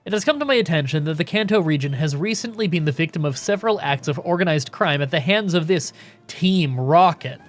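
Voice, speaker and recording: A man's voice: a little high, lively intonation, fairly quick, faint music behind, close to an everyday voice. A man reading Lance, stern champion. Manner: announcer-style formal delivery. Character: commanding male regional champion, stern.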